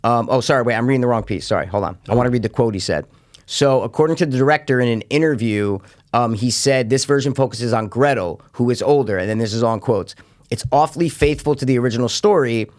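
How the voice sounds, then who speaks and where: A man's voice: medium pitch, quick pace. A man co-hosting a casual movie review podcast, talking in an emphatic, rambling way and swearing freely. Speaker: podcast co-host, film reviewer.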